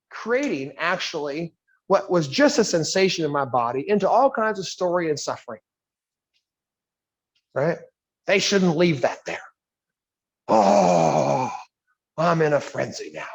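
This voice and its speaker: A leadership coach runs a live workshop in a yoga studio, his voice sitting a little high for a man. He keeps things conversational, checks in often with "right?", and slips into quick character voices to act out everyday scenes.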